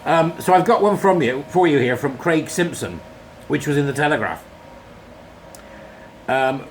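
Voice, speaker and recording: A man's voice: fairly high pitch, lively intonation, normal speed, slight background noise. A man hosting his own channel, giving a sarcastic, exasperated casual commentary and laughing at himself.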